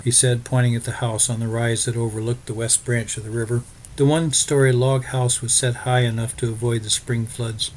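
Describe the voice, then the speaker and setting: A man narrating a story in a steady, measured way. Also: mid-range voice, a little hiss or hum, rough recording. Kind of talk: scripted audiobook narration.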